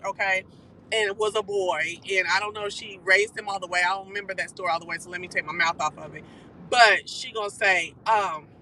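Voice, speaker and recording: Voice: medium pitch, poor audio. A live-stream host giving a casual, profane gossip recap while driving a car. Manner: animated, profane, quick-talking.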